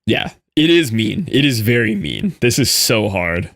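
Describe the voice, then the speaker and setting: A man's voice: on the low side, very animated, a little slow, fairly bright tone, no room sound. Easygoing young American man, dry mic. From United States. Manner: rambling, explains things loosely with many "like"s. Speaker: gaming streamer. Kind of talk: casual chat while gaming.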